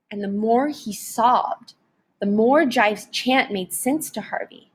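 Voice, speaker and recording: A woman narrating a novel chapter aloud in a dramatic, expressive audiobook reading. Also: fairly high pitch, slow, breathy edge. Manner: dramatic, varied storytelling delivery.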